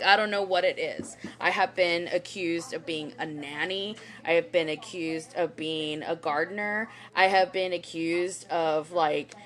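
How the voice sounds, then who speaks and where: A woman's voice: mid-range voice, a bit bright. A woman in her forties tells a personal story on a livestream, rambling and emotional, with many fillers and frequent swearing. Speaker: spiritual reader hosting a live stream. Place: home, livestream. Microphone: phone or webcam.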